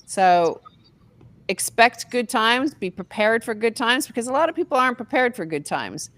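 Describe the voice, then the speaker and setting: A woman co-hosting a casual group chat over a call, excited and swearing freely. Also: fairly high pitch, moderate pace, no room sound. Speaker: podcast co-host.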